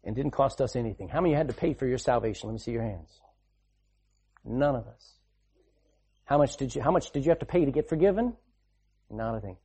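Male preacher, mid-range pitch, dark mellow tone, dramatic sermon delivery with repeated phrases. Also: lively intonation, a little fast, long pauses, breathy edge. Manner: dramatic swings between loud and hushed delivery.

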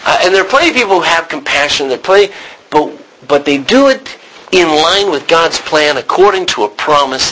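A man teaching a Bible study class, animated and questioning his students. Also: on the high side, moderate pace, rough recording.

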